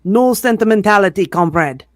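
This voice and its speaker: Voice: mid-range voice, expressive, unhurried, no room sound, natural voice. A zealous revolutionary pig barks out orders in a put-on Russian accent, curt and declaiming, as a reader puts him on. The storybook leader sounds fierce and unbending, recorded dry and close. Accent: attempted Russian.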